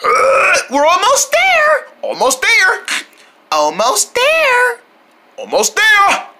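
Upbeat, bright-voiced kids' show host. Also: very high voice, wildly swooping pitch, takes it slowly. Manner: upbeat, encouraging, talking to young viewers. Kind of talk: children's entertainment narration.

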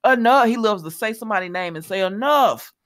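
A woman, recapping a soap opera episode in casual, animated chat that talks straight to listeners and laughs often. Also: mid-range voice, rapid-fire.

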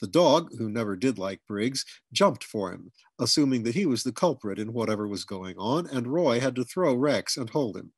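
A man reading a humorous memoir aloud in scripted narration, now and then jumping into loud, high shouts for the family members he quotes. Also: animated, normal speed, few pauses, breathy edge, no echo. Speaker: audiobook reader.

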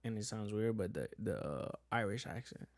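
A man co-hosting a casual podcast chat, telling animated stories, swearing freely and acting out what people said. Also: fairly low pitch, moderate pace. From Caribbean Latino family, grew up in the US. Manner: animated storyteller, swears freely, acts out quoted voices. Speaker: podcast co-host.

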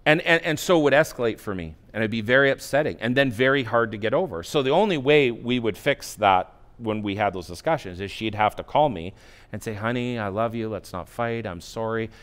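A man's voice: mid-range voice, expressive, fairly quick. Man in his forties preaching a story. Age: 40s. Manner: storytelling, acting out his own inner voice, swings from quiet to loud. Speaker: pastor. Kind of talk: sermon. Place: church.

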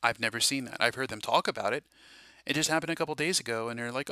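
A man hosting a casual religious monologue, rambling and excited, often preachy, with many fillers and restarts. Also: medium pitch, fast, smooth, no room sound. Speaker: Christian prophecy video host.

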